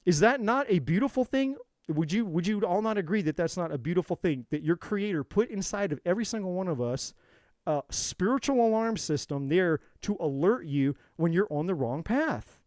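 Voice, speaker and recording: High-voiced man preaching, dry sound. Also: expressive, moderate pace, darkish tone, no room sound. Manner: preachy, profane, repeats himself for emphasis. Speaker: tarot reader. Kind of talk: live-stream spiritual talk.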